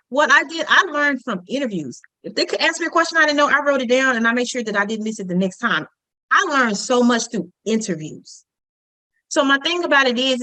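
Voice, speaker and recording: A woman's voice: fairly high pitch, pushed and bright, dry recording, poor audio. Chatty, joking woman workshop instructor. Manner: chatty, humorous, conversational teaching with asides. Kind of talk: online communication workshop.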